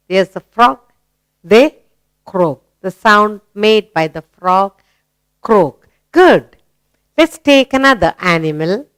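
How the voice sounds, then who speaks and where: A woman leads a children's grammar lesson. She speaks slowly, coaxing and praising. Her voice is smooth and clear, with a lively sing-song rise and fall, recorded dry and close. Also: mid-range voice, dry recording. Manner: slow, coaxing, asks questions and praises. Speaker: teacher.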